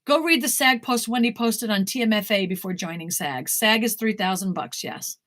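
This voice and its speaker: Blunt, bright-voiced woman. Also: medium pitch, normal speed. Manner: blunt, outspoken, swears casually. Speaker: talent manager answering viewer questions. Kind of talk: casual live Q&A.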